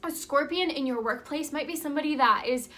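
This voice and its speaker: Bright, high-voiced chatty woman life coach. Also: brisk, a little hiss or hum. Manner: upbeat and chatty, with frequent "like" and "right?". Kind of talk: motivational vlog storytelling.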